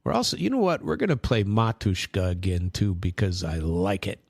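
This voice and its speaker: A man hosts casual political commentary, rambling and circling back with sarcastic asides. His voice sits fairly low. The recording is dry, with no room sound. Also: sing-song, moderate pace, gravelly, darkish tone, slightly rough, no room sound. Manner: rambling, many fillers and restarts, sarcastic asides. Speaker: host.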